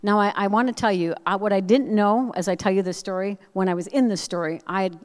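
A woman speaker giving a personal storytelling message with animated, self-deprecating humor, acting out the voices of people in her story. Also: medium pitch, fast. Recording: long reverb of a large hall.

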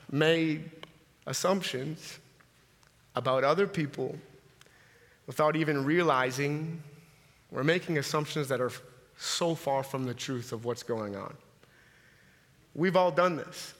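A man in his thirties preaches in an animated, confrontational style. His voice is high and very bright. It echoes with a long tail through a large church hall. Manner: animated storytelling, direct and confrontational. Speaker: pastor. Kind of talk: sermon.

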